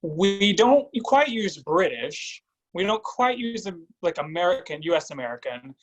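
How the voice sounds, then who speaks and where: A man's voice: sits high, very animated, unhurried, poor audio. A man giving a singer vocal coaching feedback over a video call, singing short phrases to demonstrate.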